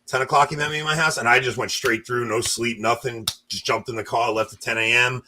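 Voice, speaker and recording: A man's voice: medium pitch, fairly even intonation, fairly quick, noisy background. A man from New York hosting a casual podcast, telling rambling stories and laughing often. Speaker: podcast host.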